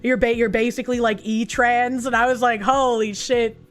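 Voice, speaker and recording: A woman's voice: on the high side, little pitch movement, normal speed, faint music behind. A woman streaming casually, reacting to clips and chat with profane, exasperated outbursts.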